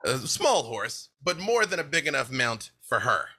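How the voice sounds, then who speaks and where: A man narrating a tabletop game as dungeon master, animated and often laughing. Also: medium pitch, slightly rough. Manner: animated, laughing, quick asides.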